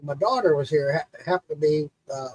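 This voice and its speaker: A man's voice: a little high, fairly quick, a little mellow, husky, poor audio. A man telling a long, profane story in casual chat and acting out the quotes.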